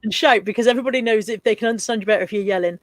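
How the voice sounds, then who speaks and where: A woman's voice: mid-range voice, racing, dry recording. A woman hosting a casual livestream chat, laughing often and reading viewer comments aloud. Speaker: livestream host.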